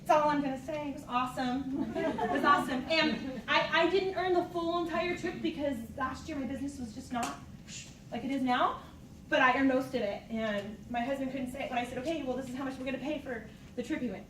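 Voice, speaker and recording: A woman in her thirties giving an enthusiastic, casual talk as a fitness coach to a live group, laughing often. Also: high-pitched. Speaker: fitness coach speaking at a team meeting. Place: meeting room with an audience. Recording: echoey room, distant mic, noisy.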